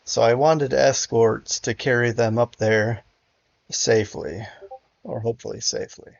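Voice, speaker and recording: A man's voice: medium pitch, little pitch movement, unhurried, gravelly, dry recording, lo-fi sound. A man casually commentating a strategy game, hesitant and frustrated, with many fillers and restarts. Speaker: gameplay commentator.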